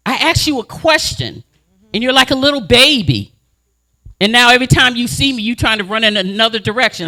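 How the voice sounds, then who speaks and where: A woman advocate speaks at a community meeting with a very bright, cutting tone. She tells her stories with animated, blunt emphasis. She keeps pressing her points hard. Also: medium pitch. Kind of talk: impassioned speech at a community meeting.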